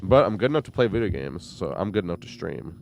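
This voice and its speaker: A man's voice: sits low, very animated, fast talker, vocal fry, a little mellow, a little hiss or hum. A man streaming a video game, talking loosely and profanely with his viewers, his voice weak and congested from a cold. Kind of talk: casual livestream chat while gaming.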